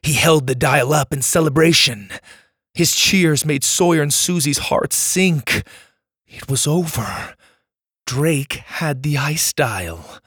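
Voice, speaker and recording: A man reading a children's adventure story as its narrator, in a measured and dramatic storytelling manner. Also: fairly high pitch, lively intonation, a bit bright, husky, dry recording, studio quality.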